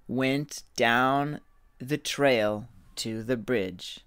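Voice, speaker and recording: Slow, deliberate male storyteller. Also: medium pitch, dry recording. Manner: slow, deliberate reading aloud. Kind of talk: children's story reading.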